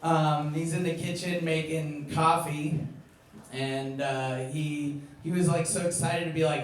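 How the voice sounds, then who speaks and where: A young adult man doing a stand-up set, ranting and swearing, building to loud indignant outbursts. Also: a little high, steady tone, slow pace, slight background noise. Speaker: stand-up comedian. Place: comedy club stage. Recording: echoey room, far from mic, crowd laughing.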